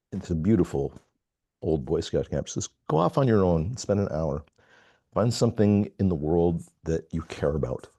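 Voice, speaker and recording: A middle-aged man on a video call, telling a personal story in a halting, reflective way with many pauses. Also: low-pitched, warm tone, dry recording. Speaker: call participant. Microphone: video call mic.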